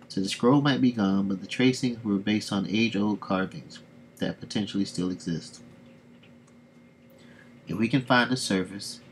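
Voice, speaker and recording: A man's voice: lowish voice, slight background noise. A man hosting a casual livestream, reading comics aloud and chatting to viewers, often laughing between remarks. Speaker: livestream host.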